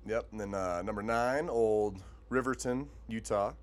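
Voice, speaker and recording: A man's voice: lowish voice, unhurried. Joking, laughing man podcast co-host. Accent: Montana. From Montana. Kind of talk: casual chat.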